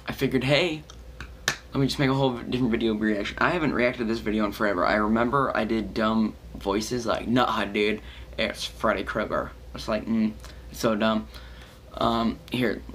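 A man's voice: fairly low pitch, fairly bright tone, slight background noise. A man hosting a casual reaction video, talking in a rambling, easygoing way with many fillers. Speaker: host.

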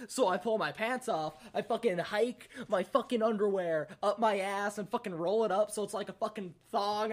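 A young man casually telling a rambling, profane party story on a podcast, laughing often. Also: sits high. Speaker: podcast host.

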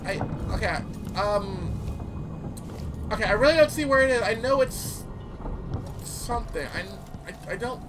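A teenage man giving casual, rambling let's-play commentary, excitable and quick to swear. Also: high-pitched, noisy background. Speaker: gameplay commentator. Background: game music.

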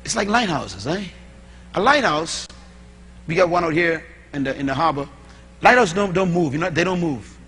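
A man preaching a sermon, telling stories in an animated, humorous way with asides. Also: fairly high pitch, moderate pace, husky. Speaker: pastor. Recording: echoey hall, faint hum.

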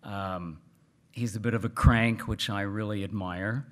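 A man from South Texas, speaking earnestly to an audience at a book event, halting and full of fillers. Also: fairly low pitch, fairly even intonation. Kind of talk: casual remarks to an audience.

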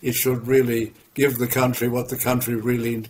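A man's voice: mid-range voice, flat delivery, moderate pace, darkish tone, slight background noise. Older Australian man hosting an interview. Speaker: host. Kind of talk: interview questions.

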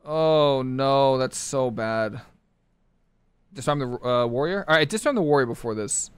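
A man streaming a competitive online game live, talking his teammates through the match in short clipped callouts and bursting into excited shouts. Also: medium pitch, measured pace, clear, resonant tone, no echo. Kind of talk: live gameplay commentary.

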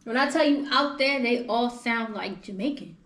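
A young woman hosting a podcast, telling travel stories in animated slang-filled casual chat. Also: a little high, normal speed. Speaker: podcast host. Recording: echoey room with faint noise.

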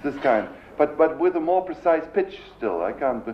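A man with a German accent lectures to a live audience and often stops to hunt for the right English word. His voice is fairly high and lively and swings up and down in pitch. The 1970s recording is dull and roomy, with a faint hiss. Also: moderate pace. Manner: searching for words, imitating sounds with his voice. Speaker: composer lecturing. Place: lecture hall.

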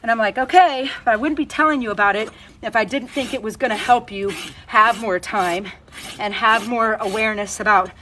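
A woman's voice: a little high, brisk, pushed and bright, slight background noise, rough recording. A woman from Missouri, a horse trainer talking casually to camera outdoors while trimming her horse's hoof, joking and folksy.

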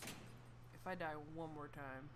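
A woman's voice: low-pitched, fairly even intonation, slow pace, background noise. A woman streaming a horror video game, talking to herself in jumpy exclamations. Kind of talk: live horror game playthrough.

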